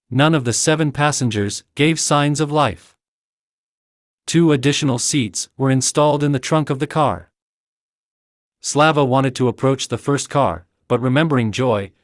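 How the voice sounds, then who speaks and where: A man narrating an action audiobook in a steady, even reading. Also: medium pitch, dry recording, clean studio sound. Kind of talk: scripted narration.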